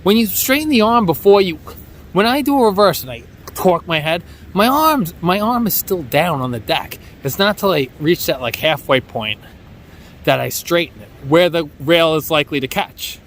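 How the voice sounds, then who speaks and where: A man's voice: a little high, moderate pace, slight background noise. A man with a New York accent talking in a rambling, boastful, joking vlog monologue outdoors near a beach. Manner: boastful, joking, self-mocking, animated. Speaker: bodyboarding vlogger.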